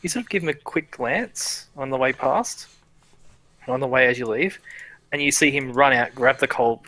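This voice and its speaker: A man's voice: medium pitch, normal speed, pushed and bright, no echo, low-quality recording. Casual man game master, dry sound. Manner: casual, laughing often, many restarts. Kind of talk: narrating a tabletop game. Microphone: headset or desk mic, streaming.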